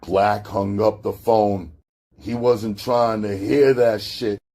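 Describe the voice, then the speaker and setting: Male audiobook narrator, unhurried, mellow husky tone, gritty street slang. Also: steady tone. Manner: slow, low-key storytelling with gritty street slang.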